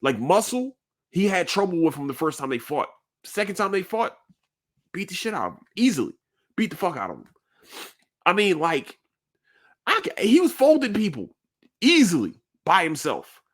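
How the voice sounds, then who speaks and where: A man's voice: sits high, huge pitch swings, normal speed, pauses often, a bit bright. A man hosting a podcast in casual chat, earnest and rambling, full of slang and swearing. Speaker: podcast host.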